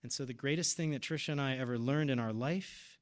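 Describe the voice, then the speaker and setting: Speaking a little fast at a medium pitch, a man in his thirties gives personal testimony in a sermon. He seems to be a parish deacon or preacher, and his storytelling is heartfelt and emotional.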